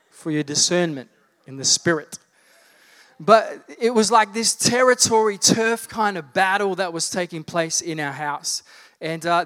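A man's voice: sits high, a bit bright. A man in his thirties preaching a sermon, telling humorous childhood stories in a loose, conversational way before building to fervent preaching. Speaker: pastor.

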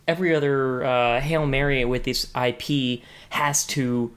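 Male podcast co-host, casual and halting delivery, average pitch. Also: steady tone, fairly bright tone. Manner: hesitant, many restarts and fillers. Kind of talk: casual chat.

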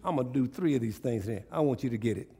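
A male pastor preaching a sermon, animated and repetitive, drawing responses from the congregation. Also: mid-range voice, fast, gravelly, breathy edge.

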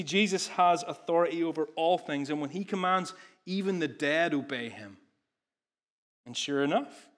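A man preaching a sermon, earnest and animated, often restarting his phrases. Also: a little high.

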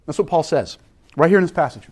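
A man preaching a sermon, animated and dynamic, swinging from loud emphatic lines to hushed, intense ones. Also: on the high side, fast. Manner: animated, shouting voices for crowds, then dropping to quiet intensity. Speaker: pastor.

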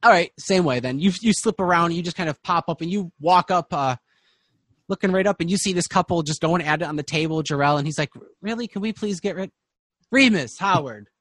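A man narrating as game master in a tabletop game, with casual, halting narration. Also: on the high side, fairly bright tone, dry recording, clean studio sound.

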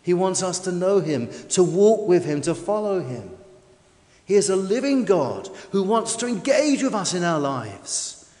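A man's voice: sits high, sing-song, measured pace, darkish tone, in a large hall. A man preaching a sermon with an emphatic, varied delivery.

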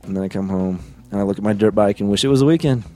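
A man's voice: on the low side, rapid-fire, mellow. Playful young male podcast co-host. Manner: playful, teasing, laughs often. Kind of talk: casual podcast banter.

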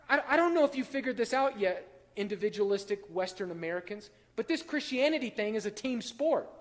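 A man with a high-pitched voice preaches a sermon and talks it through with the congregation, turning to them with questions. The sound rings with the long echo of a church hall. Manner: conversational, asks the congregation questions. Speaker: pastor.

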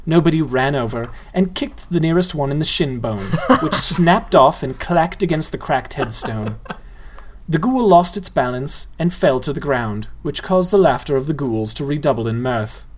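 A playful storyteller reading a novel aloud and speaking straight to the listener. The voice rises and falls with lively, musical phrasing. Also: mid-range voice, moderate pace, slight background noise.

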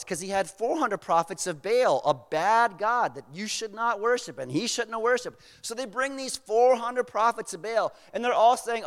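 A man's voice: high voice, expressive, moderate pace, hardly any pauses, a bit bright, big-room sound. A man preaching a sermon, retelling a story casually with slang asides. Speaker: pastor.

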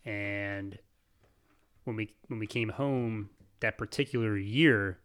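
A man's voice: fairly low pitch, slow pace, fairly bright tone, smooth. Easygoing man telling a story. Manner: easygoing storyteller, laughs often. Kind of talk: casual chat.

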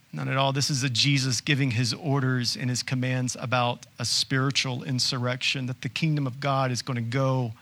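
A male pastor preaching a sermon in a conversational way, asking rhetorical questions and tossing in quick asides. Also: a little high, bright, forceful tone.

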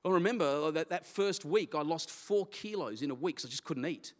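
Pastor in an echoing hall. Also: male voice, a little high, fairly quick. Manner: candid storytelling, animated, self-deprecating. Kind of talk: personal testimony sermon. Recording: long hall reverb.

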